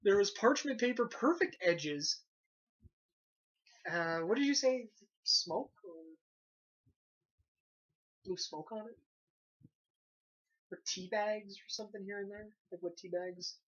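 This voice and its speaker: An animated, sarcastic young man riffs through a casual movie review, swearing offhandedly as he mocks what he watched. The sound is dull and lo-fi. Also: sits high, slow, long pauses. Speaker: movie reviewer, site host.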